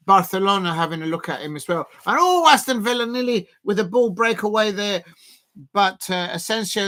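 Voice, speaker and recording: A man hosting a live football watch-along, chatting and calling the action in a rambling, excitable way that rises to shouts at big moments. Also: high voice. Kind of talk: live match commentary and chat.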